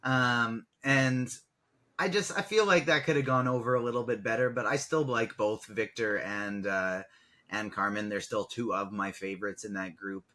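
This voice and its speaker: A man's voice: lowish voice, steady tone, normal speed, sharp tone. A man co-hosting a podcast in casual chat, weighing his opinions with hesitant fillers. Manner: thoughtful, hedging opinions with "um" and "like". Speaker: podcast co-host.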